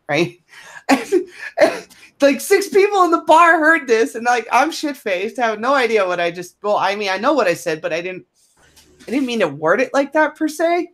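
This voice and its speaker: Lively, laughing woman telling a blunt story. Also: a little high, normal speed. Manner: blunt, profane, laughs through her stories. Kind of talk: casual chat, anecdote telling.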